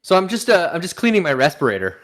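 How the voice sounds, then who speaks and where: On a voice call, a man with a high, fast voice co-hosts an improv comedy show in casual chat. He's goofy, giving deadpan, absurd answers and laughing.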